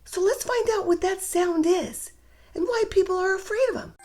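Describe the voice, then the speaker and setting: A woman hosting a children's reading show and reading a rhyming story aloud with warm, expressive delivery. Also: very high voice, moderate pace, faint music behind. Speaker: children's story reader, host. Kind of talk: read-aloud storytelling for kids.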